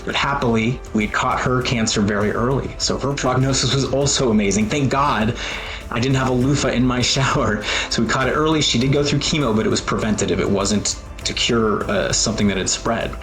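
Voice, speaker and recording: A man in his forties telling a personal story in an earnest, emotional way, with pauses and fillers. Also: mid-range voice, fairly bright tone, faint music behind. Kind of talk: personal talk with photos.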